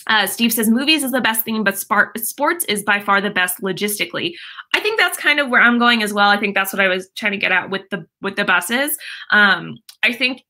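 A woman's voice: a little high, pushed and bright. A young woman hosting a casual live stream from home, chatting and reading viewer comments aloud with lots of fillers and laughs.

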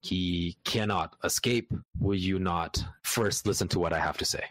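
A man voicing a calm, patient Buddhist monk who speaks slowly, gently and formally. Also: sits low, no echo, poor audio. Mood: gentle pleading.

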